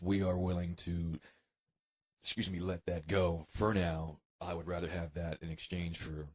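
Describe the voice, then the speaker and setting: An American man, a guest musician, answering interview questions in a relaxed, hesitant way. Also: low voice, husky. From United States. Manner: relaxed, hesitant with many ums. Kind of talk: casual interview chat.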